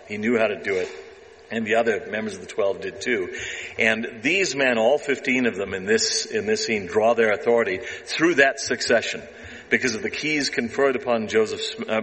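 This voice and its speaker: A man's voice: fairly low pitch, fairly bright tone, long reverb tail, rough recording. A man giving an earnest presentation to an audience about a documentary, closing with a heartfelt personal testimony. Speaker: documentary producer speaking to an audience.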